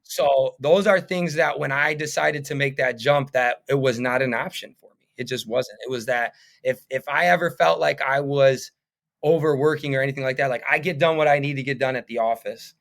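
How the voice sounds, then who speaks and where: A man's voice: medium pitch, steady tone, a little fast, vocal fry, a bit bright. A man in his thirties, a painting business owner, talking as a podcast guest in an earnest, rambling way full of fillers. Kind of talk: casual interview chat.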